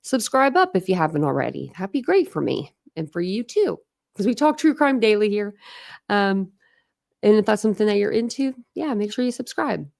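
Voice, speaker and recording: A woman's voice: medium pitch, sing-song, moderate pace, gravelly, a little mellow. A young woman hosting a true crime channel, chatting casually and rambling to her livestream viewers, full of "like"s and restarts.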